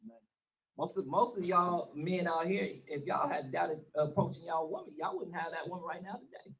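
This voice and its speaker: A man's voice: fairly high pitch, animated, normal speed, gravelly, a bit bright, rough recording. A man in the congregation speaking up, hesitating and repeating words as he makes his point. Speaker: congregation member.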